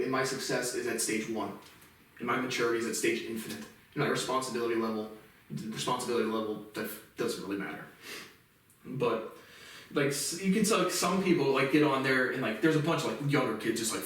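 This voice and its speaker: A man's voice: medium pitch, fast talker, fairly bright tone. A man in a profane, agitated ranting monologue, stacking up "literally" again and again. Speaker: vlogger. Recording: echoey room, speaker far from mic.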